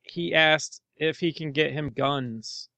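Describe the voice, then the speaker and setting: A man's voice: on the high side, slow pace, gravelly, bright, forceful tone, dry recording. A man co-hosting a casual movie podcast, rambling and laughing as he talks. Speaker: podcast co-host.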